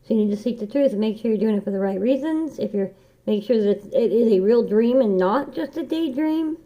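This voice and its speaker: A woman with a fairly high voice gives a casual tarot reading, earnest and encouraging, coming back to the same phrases again and again. The recording sounds dull and lo-fi, like a simple home setup. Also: animated, fairly quick, warm tone. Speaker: tarot reader.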